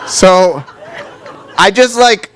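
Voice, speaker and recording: A comedian telling a casual first-person story on stage, talking quickly and leaning on "like". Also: male voice, high-pitched, expressive, a bit bright, some chatter behind, a little hiss or hum. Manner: casual, quick and chatty, leans on "like". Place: storytelling event stage before a crowd.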